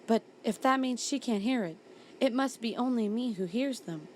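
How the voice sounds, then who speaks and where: A woman's voice: a little high, normal speed, a little hiss or hum. A young woman vlogger telling spooky stories while she does her makeup, talking in a casual, blunt way and swearing now and then.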